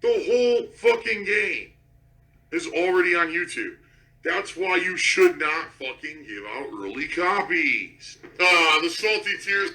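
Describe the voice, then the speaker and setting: A man's voice: high voice, animated, a little slow, sharp tone, poor audio. A man who creates gaming videos, ranting indignantly and swearing a lot. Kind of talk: angry rant.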